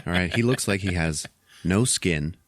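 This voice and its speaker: Lowish-voiced man recapping a movie. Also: normal speed, no echo, studio quality. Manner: animated retelling, profane, laughs often. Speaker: podcast host. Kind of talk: casual movie recap chat.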